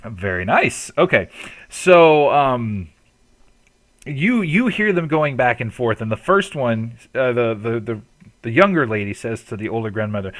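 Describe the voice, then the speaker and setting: A man running a tabletop role-playing session, describing scenes in a loose, profane, rambling way. His pitch moves around a lot and the sound is dry and close. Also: lively intonation, a little slow, a bit bright, no echo. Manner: loose, profane, with frequent ums and likes. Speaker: game master. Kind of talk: narrating a tabletop game.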